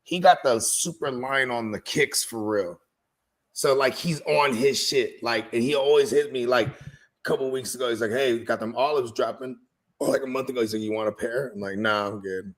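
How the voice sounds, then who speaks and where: A man's voice: mid-range voice, moderate pace. A man chatting casually with a friend, laid back, speaking in slang with lots of "you know what I mean.". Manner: laid-back slang, many fillers and restarts. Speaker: guest friend. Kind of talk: casual chat.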